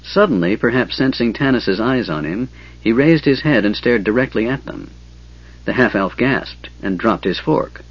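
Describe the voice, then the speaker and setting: A man reading a fantasy novel aloud in a steady, measured storytelling voice. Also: lowish voice, slightly rough. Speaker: audiobook narrator. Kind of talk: scripted fantasy narration. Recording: dull lo-fi audiobook recording.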